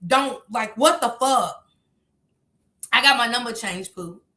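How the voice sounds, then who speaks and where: A woman streamer talks straight to her viewers in a heated, profane rant that keeps flaring into shouts. Her voice sits high and bright, and it rings in an echoey room. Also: slow. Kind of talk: casual livestream rant.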